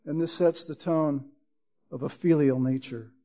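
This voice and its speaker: High-voiced man teaching scripture. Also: steady tone, warm tone. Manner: measured, explanatory, quotes scripture with emphasis. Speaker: preacher. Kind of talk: expository Bible teaching.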